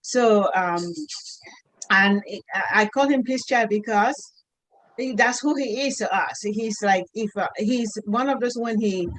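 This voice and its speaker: A middle-aged woman, a mother, telling a heartfelt personal story in an earnest, halting way, often restarting her sentences. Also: medium pitch, a bit bright, no echo, low-quality recording. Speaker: mother sharing a testimony.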